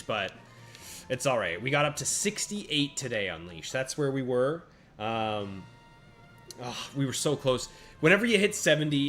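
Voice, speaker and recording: Chatty male game streamer. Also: medium pitch. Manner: chatty, answers chat by name, reacts out loud to each turn. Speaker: streamer playing a handheld monster-battle game. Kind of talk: casual live-stream commentary. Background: faint game music.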